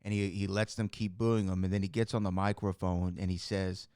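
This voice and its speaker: A young man hosting a casual podcast chat, telling stories in a chatty, animated way and reading out viewer questions. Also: sits low, fairly quick, hardly any pauses, clean tone, no echo, clean studio sound. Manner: chatty, animated storytelling with frequent laughs and fillers. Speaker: podcast host.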